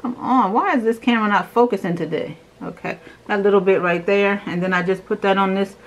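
A young adult woman, a beauty vlogger, chats with enthusiasm while demonstrating her morning skincare routine at home step by step. Her medium-pitched voice has fairly even intonation and moves a little fast, and the recording's highs are cut off.

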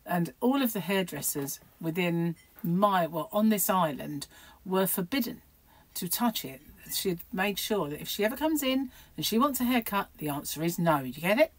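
A woman's voice: fairly low pitch, lively intonation, normal speed, rough recording. A middle-aged woman vlogging at home in a rambling, chatty, self-mocking way. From United Kingdom. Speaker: crochet vlogger. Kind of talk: casual chat to camera.

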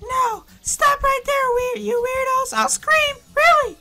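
A man voicing a feisty young female goomba in a video game, talking in a shrill, sassy, bossy way. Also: takes it slowly, music in the background, exaggerated voice. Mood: alarmed.

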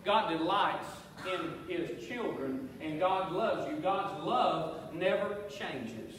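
A man's voice: fairly high pitch, lively intonation, slow, a bit bright, a little hiss or hum. A male pastor preaching an emphatic sermon in a church, repeating key phrases and calling on the congregation to answer back. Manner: emphatic preaching with call-and-response and repetition. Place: church sanctuary. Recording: echoey church hall, voice from far off.

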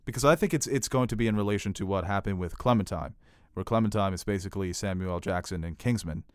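A man with a lowish voice chatting on a podcast, eagerly spinning out long theories. The sound is dry and close, with no room echo. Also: quick pace, a little mellow. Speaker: podcast co-host. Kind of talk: casual chat.

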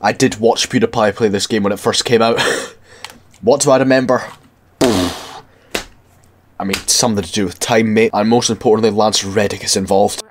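A man's voice: lowish voice, fairly even intonation, normal speed, pauses often, slight background noise. A young man with a congested, stuffy voice gives profane, sarcastic and giggly comedic commentary while playing a game. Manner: swears freely, giggly, sarcastic. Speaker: let's play gamer.

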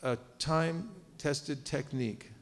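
Animated man teaching a seminar. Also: fairly high pitch, takes it slowly. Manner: lively, quizzes audience, joking asides. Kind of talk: live seminar lecture. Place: temple cultural hall.

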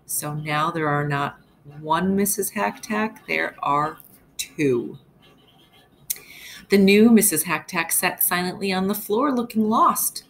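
Slow, expressive woman teacher reading aloud. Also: lowish voice, a little hiss or hum. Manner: slow, expressive, quizzing young listeners. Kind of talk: read-aloud storybook lesson.

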